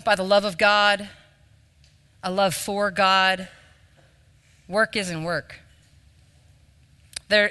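A man's voice: high voice, bright, forceful tone, clear, resonant tone. A man giving an informal, conversational sermon to a live room, self-deprecating in tone. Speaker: speaker leading a devotional. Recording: reverberant hall.

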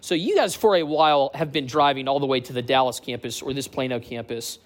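He's a man in his late thirties who directs a church community on the US East Coast, and his medium-pitched voice runs a little fast. Lively storytelling mixes with back-and-forth banter with the church crowd.

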